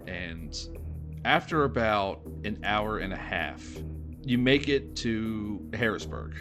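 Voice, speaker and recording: A man narrating as game master of a tabletop horror game, describing scenes in a relaxed way with casual fillers. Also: sits low. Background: music.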